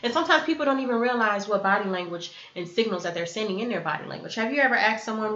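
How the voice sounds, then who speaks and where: A woman's voice: mid-range voice, expressive, fast talker, hardly any pauses, fairly bright tone, a little hiss or hum. Woman, earnest self-help teacher, echoey room, muffled recording. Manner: earnest, acts out sample dialogues. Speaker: self-help video host. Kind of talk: teaching talk to camera. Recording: echoey room, dull lo-fi sound.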